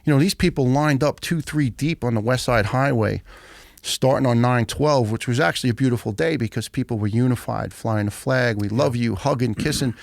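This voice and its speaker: Gravelly blunt New man. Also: medium pitch, no room sound, studio quality. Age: middle-aged. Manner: blunt, profane, animated storyteller. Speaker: guest, retired firefighter. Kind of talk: podcast storytelling.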